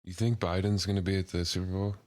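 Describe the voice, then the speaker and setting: Young male co-host with a low voice, relaxed and crude banter. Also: fast talker, no echo. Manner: laid-back, crude, laughs often. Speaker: podcast co-host. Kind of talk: casual chat.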